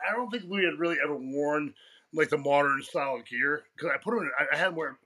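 A man's voice: a little high, fast, bright, forceful tone. A man being interviewed on a podcast as a guest coach, telling stories casually. He swears freely and laughs often. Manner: profane, laughs often, tells stories in a rush.

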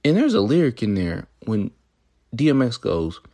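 A man's voice: mid-range voice, wildly swooping pitch, moderate pace, mellow. A young man hosting a podcast, talking in a rambling, swaggering, profane monologue, with crude jokes and mock-lecture asides. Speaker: podcast host.

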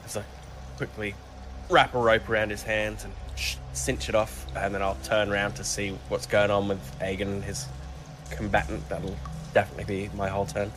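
A man playing a tabletop game, describing his character's actions in an unhurried way. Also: lowish voice, level tone, music in the background. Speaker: player.

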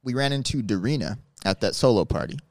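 A man's voice: mid-range voice, quick pace, no room sound. A man hosting a casual podcast chat, laughing often and voicing people in his stories. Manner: very expressive, laughs a lot, voices people in stories.

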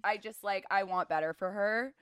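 A woman's voice: mid-range voice, moderate pace, fairly bright tone, clean tone, dry recording, studio quality. A young woman co-hosting a podcast, talking casually and emphatically with loose slang. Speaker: podcast co-host. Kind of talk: casual recap chat.

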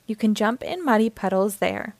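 A woman voicing a gentle, patient mother pig in a storybook, in a soft voice. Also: medium pitch, lively intonation, normal speed, no room sound, lightly acted. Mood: sleepy.

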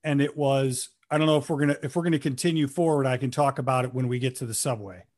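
A man who talks casually on a podcast, telling an animated, profane story about a scene he acted in. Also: mid-range voice, fast. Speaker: guest actor recalling a role.

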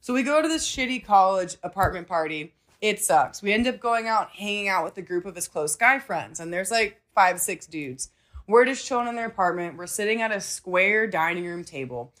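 Profane, animated young woman telling stories. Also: mid-range voice, normal speed. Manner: profane, animated, acts out quoted voices. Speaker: podcast host. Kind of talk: casual storytelling chat.

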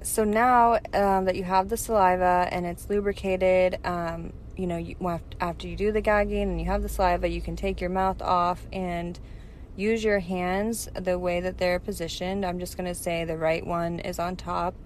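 A woman co-hosting a casual chat, calmly explaining a technique step by step with frequent ums. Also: fairly low pitch, normal speed, slight background noise. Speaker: podcast co-host giving advice. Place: parked car.

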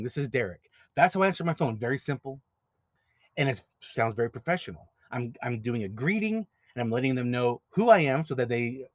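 A man's voice: medium pitch, dry recording. A man hosting an advice podcast, talking casually and directly, often repeating words as he explains. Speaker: podcast host, notary signing agent business owner.

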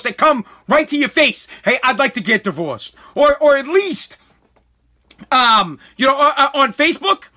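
Ranting angrily at the camera, a male online creator swears and keeps saying the same things over. His voice is very high, strained and bright.

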